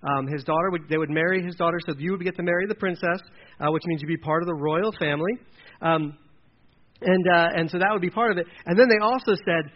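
A man's voice: fairly high pitch, fast talker, dull audio. A male preacher from Delaware giving a conversational sermon, acting out quoted characters as he goes.

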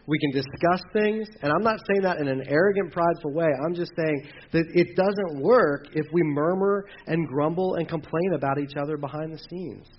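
A man preaches a sermon in a chatty, animated way, his voice sitting a little high. He slips into the voices of the people he quotes as he talks. The recording is a bit muffled, with faint hiss behind it. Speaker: pastor.

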